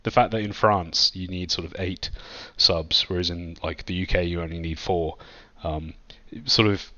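A man's voice: low voice, fairly even intonation, moderate pace, bright, forceful tone, muffled recording. A man hosting a podcast in casual chat, rambling with many fillers and restarts. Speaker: podcast host.

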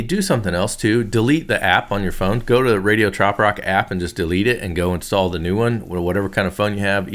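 A man with a low voice hosts a radio show in a relaxed, off-the-cuff way. He jokes, trails off and restarts sentences, piling up fillers as he talks between tracks. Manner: rambling, loose and joking, many fillers and restarts. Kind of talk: casual radio chat.

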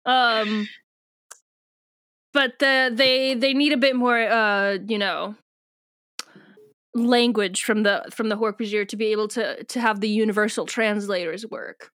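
Young woman co-host, higher voice, dry close sound, giggly, tosses off quick character voices. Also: steady tone, a bit bright, clean tone, no echo. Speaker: podcast co-host. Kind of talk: casual book discussion.

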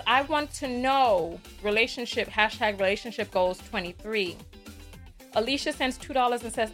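Livestream host, woman, New York accent, sassy and chatty, fairly high voice, faint music behind. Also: fairly bright tone. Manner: chatty, sassy, laughs often. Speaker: livestream talk show host. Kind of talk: casual livestream chat reading donations.

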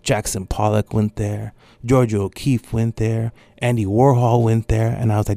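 A middle-aged man from Mexico, an artist telling animated stories in an interview and acting out what others said. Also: lowish voice, normal speed, creaky, few pauses, no room sound. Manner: animated storyteller acting out quotes. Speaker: artist and guest. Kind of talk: storytelling interview.

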